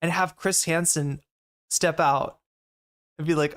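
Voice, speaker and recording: A woman's voice: sits low, fairly even intonation, takes it slowly, a bit bright. A woman streamer chatting casually while reacting to a video, rambling and talking to her chat.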